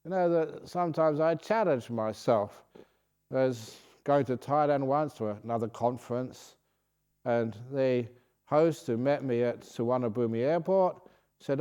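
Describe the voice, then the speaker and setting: Older british monk, dharma talk; mellow, warm, relaxed delivery, easy anecdotes, dropping quiet on the calm parts. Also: male voice, medium pitch, normal speed, smooth. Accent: British English. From Britain. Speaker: Buddhist monk teaching a meditation retreat. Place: retreat centre meditation hall.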